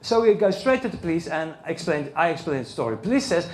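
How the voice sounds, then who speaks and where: A fast-talking man with a slightly high voice addresses a men's issues conference, animatedly recounting a personal story and performing the voices of the people involved. The sound carries the roominess of the conference hall.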